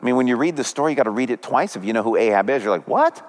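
A man's voice: medium pitch, very fast, long reverb tail. A man preaching a sermon as pastor, retelling a story dramatically with big swings up and down.

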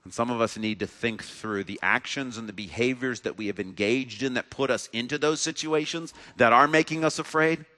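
A man's voice: mid-range voice, moderate pace, few pauses, sharp tone. A male pastor delivering a sermon in a church sanctuary, earnest, with a repetitive preaching cadence. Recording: long reverb of a large hall.

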